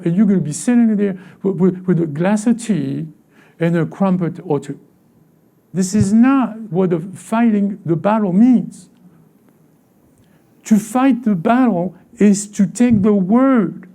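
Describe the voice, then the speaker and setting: With a dark, mellow tone in a high and gravelly voice, this male pastor gives a sermon that swings from quiet to loud. He often stumbles and repeats himself, sinking almost to a murmur between abrupt outbursts.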